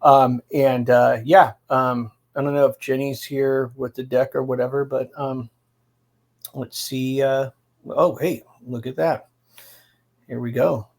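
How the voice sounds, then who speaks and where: Gravelly, husky man hosting a call. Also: mid-range voice, slow pace. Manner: relaxed, many "um"s and "uh"s. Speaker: call host. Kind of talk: casual community call.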